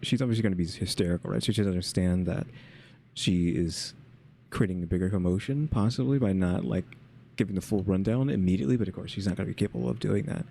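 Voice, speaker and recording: A man's voice: deep voice, quick pace, gravelly, mellow, slight background noise. A man giving casual reaction commentary with wry, questioning asides.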